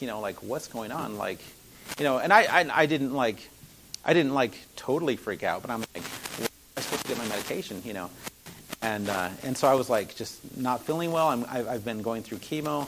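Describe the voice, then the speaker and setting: A man's voice: medium pitch, a bit bright, a little hiss or hum, poor audio. A man telling a personal faith testimony in an earnest, rambling way, full of fillers and restarts.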